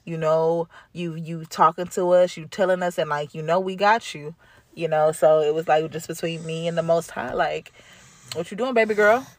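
A woman's voice: low-pitched, fairly even intonation, moderate pace, dry recording. A woman hosting her own podcast, telling a travel story in a chatty, slangy way, swearing and laughing often. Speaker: podcast host. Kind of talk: casual spoken travel update.

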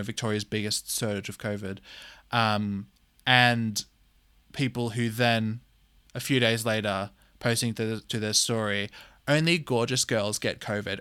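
A young man in his twenties holds forth alone on his podcast in a blunt, exasperated voice of middling pitch. He swears freely, circles back with repeated words and fillers, and sounds close to the mic in a dry, deadened space. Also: fairly bright tone, smooth, dry recording. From Australia. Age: 20s. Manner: repeats phrases for emphasis, many fillers. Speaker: podcast host. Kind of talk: opinionated solo podcast monologue.

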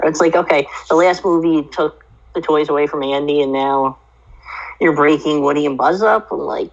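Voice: medium pitch, normal speed. A co-host in a casual chat, speaking hesitantly and laughing easily, heard over lo-fi remote audio. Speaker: podcast co-host.

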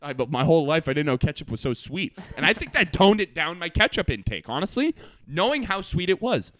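Animated, bright-voiced young man. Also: fairly high pitch, a little fast, no echo, clean studio sound. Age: 20s. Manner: animated storyteller, laughs often, acts out quotes. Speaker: podcast co-host. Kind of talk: casual chat.

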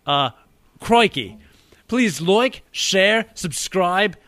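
A man's voice: sits high, expressive, normal speed, no room sound. A man putting on a hammy mock British accent to read a podcast outro, full of overplayed slang. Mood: jokey.

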